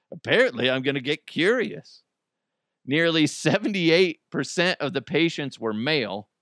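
A man in his forties hosting a casual solo podcast, excitable and laughing often. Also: mid-range voice, no echo, clean studio sound. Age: 40s. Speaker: podcast host.

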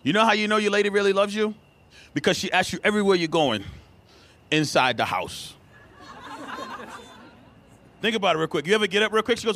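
A man's voice: high voice, fairly quick, pauses often, a little hiss or hum. A man performing a stand-up set, acting out the voices in his stories, with an audience laughing. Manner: animated, acts out voices. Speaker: stand-up comedian. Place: comedy club stage. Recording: live club recording with audience.

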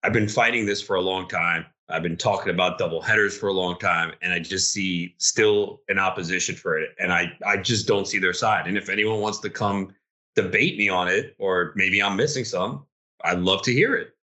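A man's voice: low-pitched, moderate pace, bright, forceful tone. A young man co-hosting a casual podcast chat, ranting heatedly as a league commissioner.

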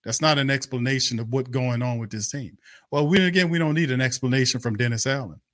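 A man's voice: medium pitch, quick pace, fairly bright tone, no room sound, studio quality. A man hosting a fan live stream, ranting in a heated, repetitive, cursing and scornful way. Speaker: sports fan show host. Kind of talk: angry live-stream rant.

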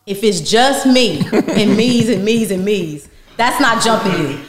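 A woman's voice: medium pitch, lively intonation, a little slow, crowd noise. A woman guest on a podcast telling a story casually and candidly, laughing as she goes. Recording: roomy reverberant room.

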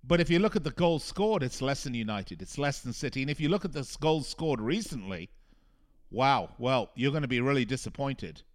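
A man's voice: medium pitch, expressive, fairly quick. A male soccer radio host giving a frustrated, emphatic talk monologue, repeating phrases for punch. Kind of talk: opinionated sports talk monologue.

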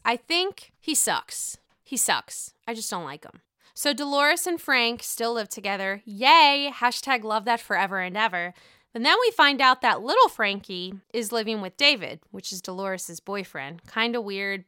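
A woman's voice: on the high side, bright, forceful tone, smooth, no room sound, clean studio sound. A young woman hosting a casual, profane, gossipy recap of a reality show, full of gasps and exclamations.

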